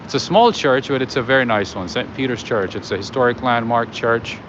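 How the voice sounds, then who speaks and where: A man's voice: mid-range voice, a little fast. A man from California hosting a live walking tour at night, chatting casually with his viewers and calling them friends. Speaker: livestream host. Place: outdoors on a city street at night. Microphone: handheld livestream setup with earphones. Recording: lo-fi street stream with loud traffic noise.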